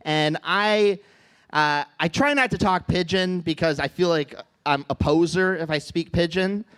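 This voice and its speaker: High-voiced halting comedian in his thirties. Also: clean tone. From Midwest United States. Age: 30s. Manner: deadpan, halting with restarts. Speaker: stand-up comedian. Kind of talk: stand-up set. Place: comedy club stage.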